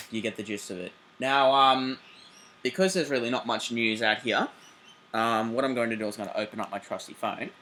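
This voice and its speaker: An Australian man hosting a casual railway vlog, excitable and chatty, swearing freely and filling pauses with "uh". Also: medium pitch, a little hiss or hum. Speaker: railway channel host.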